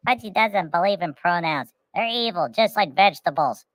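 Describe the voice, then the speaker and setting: A silly, blunt male hedgehog, played by a woman, who talks about himself by name. The voice sits low and sounds dry and close. His lines come out short and matter-of-fact. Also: animated, moderate pace, dry recording, close to an everyday voice. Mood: cheeky.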